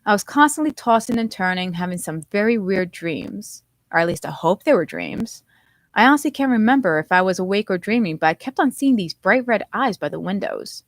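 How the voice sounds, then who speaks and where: A woman reads her own novel aloud in a lively first-person storytelling voice. Her pitch sits in the middle range. The recording is dry and close, with no room echo. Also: brisk. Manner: expressive first-person narration. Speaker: author.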